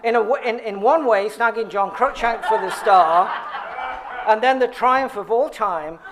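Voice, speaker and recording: A man's voice: high voice, a little slow, background noise. A man reading an award tribute speech at a podium, with playful asides and laughing at his own script. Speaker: award presenter. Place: banquet hall at an awards dinner.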